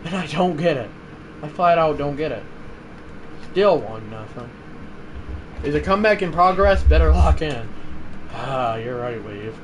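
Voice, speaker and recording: A young man streaming live gameplay commentary, swinging between loud outbursts and low muttering to his viewers. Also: animated, unhurried, long pauses, a little hiss or hum. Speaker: livestreamer.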